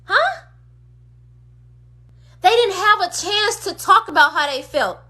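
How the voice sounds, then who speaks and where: High bright-voiced woman ranting passionately. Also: lively intonation, moderate pace. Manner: emphatic, repetitive rhetorical questions. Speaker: streamer. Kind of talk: impassioned livestream rant. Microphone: phone.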